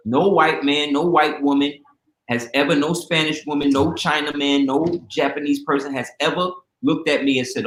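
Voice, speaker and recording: A man's voice: on the high side, normal speed. A man speaking as a guest in casual storytelling talk, acting out the voices of people in his stories. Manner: animated storyteller, acts out quoted voices. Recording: roomy echo.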